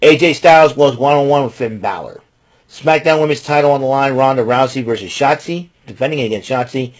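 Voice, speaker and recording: A man's voice: medium pitch, brisk. Chatty man giving wrestling picks. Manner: rambling, chatty, restarts and fillers. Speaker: wrestling show host. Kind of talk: casual solo recap and predictions.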